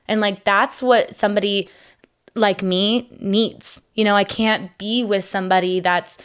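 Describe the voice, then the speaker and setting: A woman's voice: medium pitch, steady tone, unhurried. A young woman talking openly as a podcast guest, chatty and full of fillers and restarts. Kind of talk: casual conversational interview.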